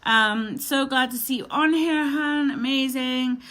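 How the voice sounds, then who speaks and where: Bright-voiced emotional woman hosting a live stream. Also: sits high, measured pace. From Canada. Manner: emotional, chatty, greets viewers by name, often tearful. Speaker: live show host. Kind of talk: casual live-stream chat.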